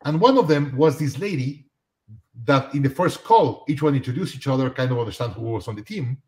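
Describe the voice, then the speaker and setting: Man telling a lively story. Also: medium pitch, a little fast. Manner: animated, acts out dialogue in anecdotes. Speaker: guest. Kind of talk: storytelling in a live talk.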